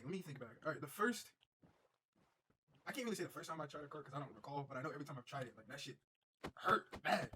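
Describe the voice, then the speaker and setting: A man's voice: on the high side, pushed and bright, slight background noise. A young man streaming, telling a rambling, profane story in a casual way and repeating himself as he goes.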